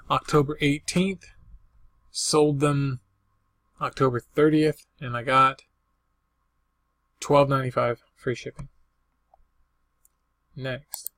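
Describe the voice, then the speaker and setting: A man's voice: medium pitch, fairly bright tone, no echo. An older man casually rambling through the items he resold, listing what he paid and what each sold for in a folksy way. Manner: rambling, folksy, lists prices and dates. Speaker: eBay reseller. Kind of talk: casual show-and-tell vlog.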